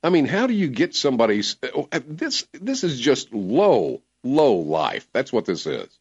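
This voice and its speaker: A man hosting a talk radio show, giving emphatic, animated commentary. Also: mid-range voice, a little slow, husky. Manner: animated, emphatic, laughs easily. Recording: dull lo-fi radio broadcast.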